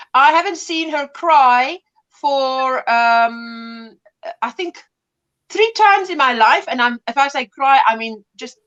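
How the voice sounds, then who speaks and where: Chatty woman in her fifties, high voice, livestream host greeting viewers. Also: a bit bright, lo-fi sound. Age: 50s. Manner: chatty, laughs often, drifts between greetings and stories. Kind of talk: casual chat reading viewer comments.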